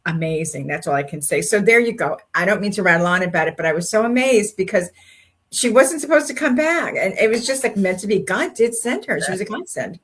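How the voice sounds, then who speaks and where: An older woman co-hosting a faith-based talk show, chatting casually and telling animated stories with acted-out dialogue. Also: mid-range voice, brisk, breathy edge. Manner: animated storyteller, acts out quoted speech. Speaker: co-host.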